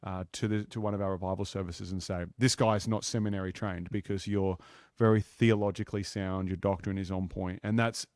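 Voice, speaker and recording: A man's voice: deep voice, steady tone, a little fast, few pauses, a little mellow, no echo, clean studio sound. A man hosting a casual interview, encouraging and affirming his guest. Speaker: host.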